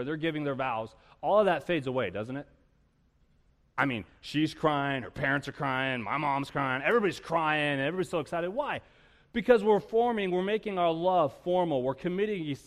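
Animated male pastor preaching in a reverberant hall. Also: fairly high pitch. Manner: animated, storytelling with humor and rhetorical questions. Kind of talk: sermon. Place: church sanctuary. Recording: long reverb of a church hall.

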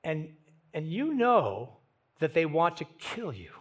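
Animated preacher with dramatic swings. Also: male voice, fairly high pitch, takes it slowly, slightly rough. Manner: dramatic swings from hushed to emphatic; repeats words when thinking aloud. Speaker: pastor. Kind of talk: sermon.

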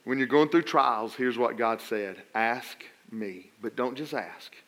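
A middle-aged man preaching a sermon, telling funny stories and swinging between loud emphasis and quiet asides. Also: mid-range voice, a little slow. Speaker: pastor.

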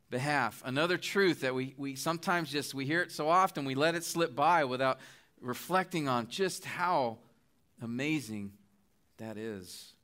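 A middle-aged man preaching from the pulpit, his voice bright and forward and pitched a little high. He builds his points with earnest, pleading appeals. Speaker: guest preacher. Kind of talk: sermon.

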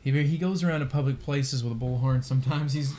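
A man's voice: mid-range voice, fast talker, dark tone, a little hiss or hum. Wry, thoughtful man in casual talk. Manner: thoughtful, wry, with many restarts. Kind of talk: casual discussion of apologetics.

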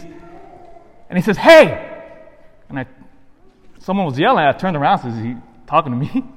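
A Catholic priest delivers a sermon in a somewhat high voice. He tells a personal story earnestly and acts out each side of the conversation. His words ring out with the long reverb of a church.

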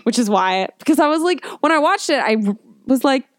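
A woman's voice: sits high, animated, brisk, no room sound, studio quality. A woman in casual chat, rambling and chatty with lots of fillers, playfully voicing quotes as she retells a story.

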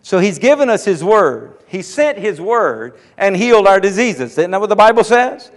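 A man's voice: high-pitched, very animated, normal speed. A man preaching a sermon as pastor, emphatic and repetitive, rising into fervent calls to his congregation. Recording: hall reverb.

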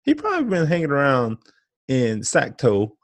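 Gravelly laid-back man chatting. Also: medium pitch, huge pitch swings, normal speed, no echo. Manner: laid-back slangy, laughs often. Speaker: podcast co-host. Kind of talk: casual chat.

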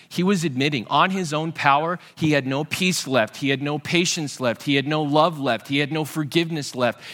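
Man, sermon, animated storytelling, bright tense voice, slightly high pitch. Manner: animated storytelling, acting out Bible characters' voices. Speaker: pastor.

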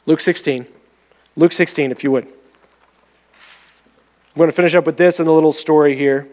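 A man with a high voice preaches a sermon, lively and chatty, slipping into acted voices as he tells stories. His words ring out with a long reverb across a large church hall. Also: moderate pace. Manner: animated, conversational, acts out voices. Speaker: pastor.

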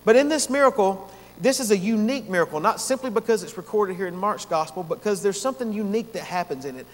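A man's voice: sits high, animated, quick pace. A man preaching an expository sermon as pastor, earnest, drawing out key words to stress them. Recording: long hall reverb.

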